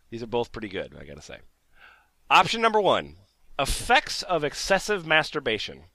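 A man hosting a comedic podcast, excitable and quick to burst into loud jokes and laughter. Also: mid-range voice, dry recording. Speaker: podcast host.

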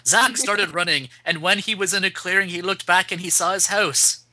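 Comic reader, very bright tone, dry close sound, lively pitch. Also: normal speed, no echo. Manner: hammy, shifts into voices for characters. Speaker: podcast panelist reading a story. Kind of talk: comic dramatic reading.

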